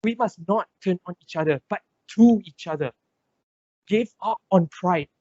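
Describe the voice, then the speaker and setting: A man's voice: high-pitched, moderate pace, a little mellow, dry recording. A young man from Malaysia, giving a rhetorical, impassioned competitive debate speech. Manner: impassioned, rhetorical, builds in lists and repetition. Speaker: student debater. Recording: dull lo-fi dry recording.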